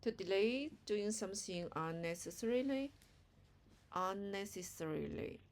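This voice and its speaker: A woman's voice: medium pitch, animated, a little slow. A woman whose first language is Chinese, practicing English words hesitantly and repeating them to check pronunciation. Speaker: English learner. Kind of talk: vocabulary practice.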